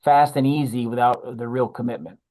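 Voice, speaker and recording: A man's voice: medium pitch, steady tone, brisk, warm tone, rough recording. A man in a casual tabletop gaming chat, explaining ideas in a thoughtful, searching way.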